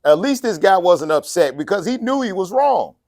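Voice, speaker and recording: A man's voice: high voice, very animated, moderate pace, a little mellow, dry recording, clean studio sound. A man preaching a casual, joking sermon, laughing often and acting out the people in his story. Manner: folksy and joking, laughs often, acts out quotes. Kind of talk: conversational sermon.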